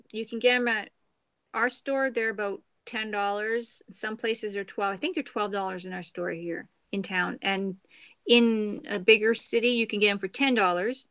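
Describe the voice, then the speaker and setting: A woman's voice: mid-range voice, a bit bright, no echo. Middle-aged woman, from Canada, casual livestream chat, rambling, dry close sound. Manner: chatty, meandering, trails off into murmurs. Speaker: craft livestream host.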